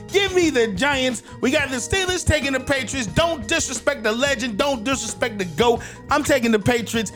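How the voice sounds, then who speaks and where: A man's voice: very high-pitched, fairly bright tone. A man hosting a sports podcast, giving his football picks in a brash, punchy, repetitive way. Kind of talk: solo sports picks commentary.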